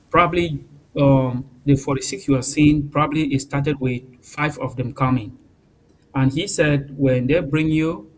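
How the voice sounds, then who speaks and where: A man speaking as a guest on a TV news panel, halting and emotional, with frequent fillers. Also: medium pitch, darkish tone, rough recording. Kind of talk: live TV panel discussion.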